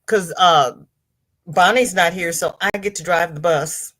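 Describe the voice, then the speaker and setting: Slow-talking woman hosting a livestream. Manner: greets chat viewers by name with sing-song hellos; chatty and animated, with sudden high exclamations. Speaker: livestream host. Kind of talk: casual livestream chat.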